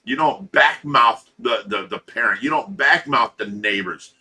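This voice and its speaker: A man's voice: medium pitch, animated, unhurried, sharp tone. Profane, ranting man on a livestream. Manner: blunt, profane storytelling with laughs; ranting, talks to chat commenters by name. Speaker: livestream host of a fish rescue channel. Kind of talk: casual livestream chat.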